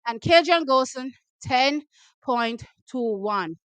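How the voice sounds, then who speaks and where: A Jamaican woman hosts a live watch party, reacting to sprint races as they unfold. Her voice sits very high and sounds bright and sharp. She breaks into cheers and repeated excited shouts, recorded close and dry. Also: takes it slowly, clear, resonant tone, no room sound.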